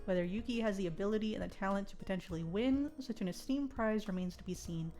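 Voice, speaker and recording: A woman streamer reading a visual novel aloud in a soft narrating voice, then breaking into loud, giggly reactions to her chat. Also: mid-range voice, fast, faint music behind.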